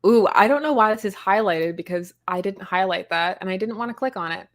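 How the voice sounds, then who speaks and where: A woman's voice: mid-range voice, brisk, no room sound, studio quality. A woman hosting a casual comics livestream, chatty and self-deprecating, laughing often. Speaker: comics show host.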